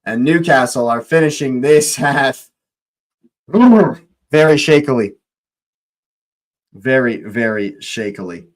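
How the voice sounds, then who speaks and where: A young man hosting a live football watch-along, excitable, laughing often and repeating his phrases. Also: medium pitch, slow, pauses often.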